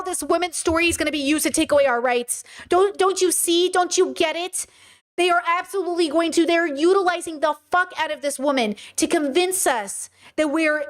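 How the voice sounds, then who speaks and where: Young woman, high voice, livestream host, heated and emphatic, repeats her questions. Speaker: podcast host. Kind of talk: livestream commentary.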